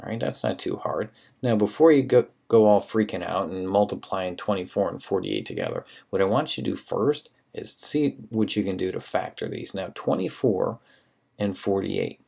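A man's voice: deep voice, sing-song, normal speed, creaky, mellow, slightly rough. A man teaching a recorded math lesson, talking casually through worked steps and encouraging students.

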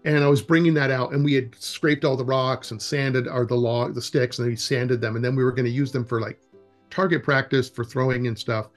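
Man, interview guest, mid-pitched voice, rambling anecdotes, acts out dialogue, soft music underneath. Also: fairly even intonation, brisk. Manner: loose and rambling, with frequent restarts. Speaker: executive director of a wilderness education program, interview guest. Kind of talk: casual interview storytelling.

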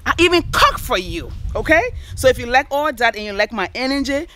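A woman's voice: high-pitched, animated, fairly quick, pushed and bright, a little hiss or hum. Upbeat woman's channel intro. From Liberia. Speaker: vlog host.

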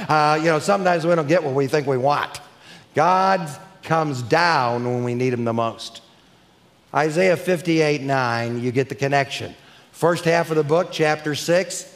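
A man preaching a sermon emphatically, building to crescendos and slowing down to stress key words. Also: a little high. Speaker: preacher and teacher. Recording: long hall reverb.

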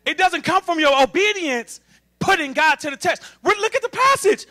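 A man preaching an emphatic sermon to a congregation, calling for responses from the pews and building up to shouting. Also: very high-pitched, expressive, normal speed. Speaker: assistant minister.

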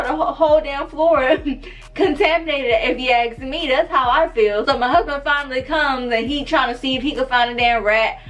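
A young woman telling a wild story to her viewers in a casual, animated, profane way. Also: sits high, moderate pace, soft background music. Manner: animated, profane, addresses viewers as girl and bitch. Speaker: vlogger.

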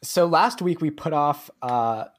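A man's voice: a little high, a little slow. A man co-hosting a podcast in casual chat, joking as he introduces listener reviews. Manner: joking, reads reviews aloud. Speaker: podcast co-host.

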